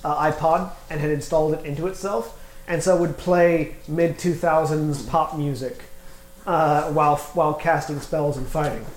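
A man's voice: fairly high pitch, fairly even intonation, normal speed, roomy sound, a little hiss or hum, poor audio. A man playing a tabletop game, joking and telling a story with many fillers. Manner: jokey, tells anecdotes with fillers. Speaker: player. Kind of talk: casual tabletop play.

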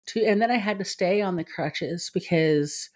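A woman co-hosts a podcast, chatting casually, laughing easily and reading stories aloud. Her voice sits on the low side with a darkish tone and a moderate pace.

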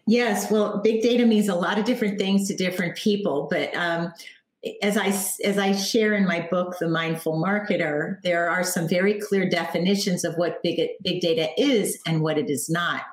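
A woman with a notably low voice talks as an interview guest, calm and reflective as she tells her stories. Her voice carries a clear room echo. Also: moderate pace. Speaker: author and marketing guest. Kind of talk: interview answers.

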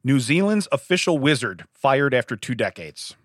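Jokey man, lively voice. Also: mid-range voice, normal speed, no echo. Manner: jokey, reads news stories aloud with asides. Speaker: podcast co-host. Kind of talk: casual chat.

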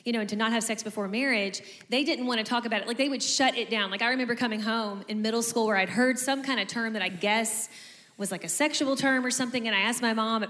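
A woman in her forties with a slightly high voice, talking quickly and chattily. She keeps her sentences loose and conversational. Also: a bit bright, long reverb tail. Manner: chatty, with frequent "like" and "you know". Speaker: co-host. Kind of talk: casual conversation.

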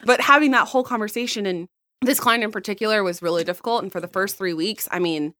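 A woman in her thirties from the United States, a podcast guest telling a work story in casual chat, blunt and lively, laughing often. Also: medium pitch, fast talker, no echo, studio quality. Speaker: podcast guest, account manager.

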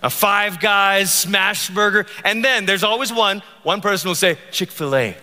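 Pastor preaching, high bright voice, jokey and animated, big echoey church hall. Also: male voice, a little slow, slight background noise. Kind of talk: sermon.

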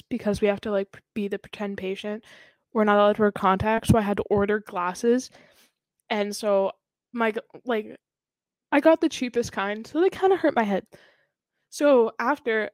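Young woman, podcast co-host, higher pitch, casual self-mocking chat, dry close sound. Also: no room sound. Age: young adult.

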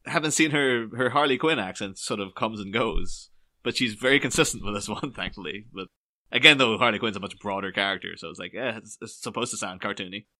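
Brief: young male podcast co-host, bright timbre, chatty and rambling. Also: fairly low pitch, fairly quick. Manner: animated, rambling with many fillers and restarts. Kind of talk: casual film discussion.

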